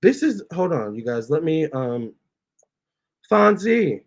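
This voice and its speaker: Male vlog host, voice pitched a bit high, casual and animated storytelling, coaxes his pets mid-sentence. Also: slow, long pauses. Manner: chatty and animated, breaks off to coax his cats. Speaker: tarot reader and channel host. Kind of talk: casual storytime, reading out viewer comments.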